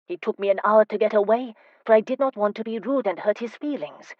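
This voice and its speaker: A woman narrator voicing a spirited, teasing young woman in an audiobook, speaking with lively, emphatic delivery. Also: medium pitch, brisk, dry recording, highs cut off, voice pushed up, natural voice. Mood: exasperated. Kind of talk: audiobook character voice.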